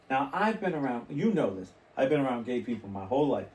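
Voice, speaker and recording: A male podcast co-host with a medium-pitched, darkish, sing-song voice tells rambling stories at normal speed, restarting and laughing in the casual chat. He sits far from the mic in an echoey room.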